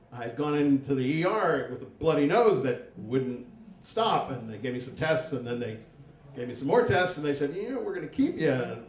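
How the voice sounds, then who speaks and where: A man telling a comic personal story on stage at a live story slam, with wry, self-mocking humor. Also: a little high. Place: stage in a hall, live audience. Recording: roomy hall, mic from far off.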